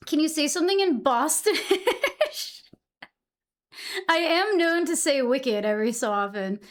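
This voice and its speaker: A woman's voice: high voice, animated, slow pace, pauses often. A young woman from Massachusetts chatting casually with her stream audience, answering chat messages and swearing freely.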